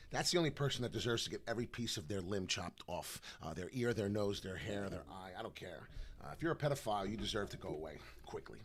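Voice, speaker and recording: Brash New York man rambling over crypto charts. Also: on the low side. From New York / New Jersey. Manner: brash, rambling, excitable, swings from loud to muttering. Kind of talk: casual live stream chat.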